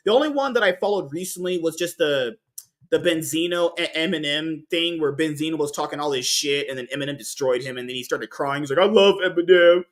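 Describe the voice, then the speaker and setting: A man's voice: on the high side, a little fast, a bit bright. A man hosting a casual podcast, rambling and swearing, often restarting his sentences. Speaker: podcast host.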